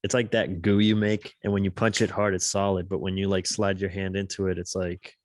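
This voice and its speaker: A young man co-hosting, telling rambling, slangy stories in relaxed casual chat. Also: sits low, a little fast, dry recording, clean studio sound. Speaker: co-host reading confessions.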